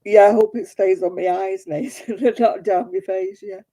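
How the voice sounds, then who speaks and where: A woman's voice: mid-range voice, steady tone, moderate pace, warm tone. A middle-aged British woman hosting a casual live stream from her desk, chatting and greeting viewers by name. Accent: British English. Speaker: livestream host.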